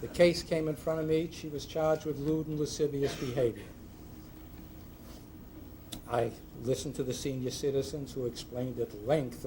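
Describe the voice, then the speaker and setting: A man's voice: mid-range voice, steady tone, normal speed. An older man, a judge, telling humorous anecdotes at a ceremony with dry storytelling and punchline timing. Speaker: retired judge giving a speech. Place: ceremony hall with a live audience. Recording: noisy hall recording.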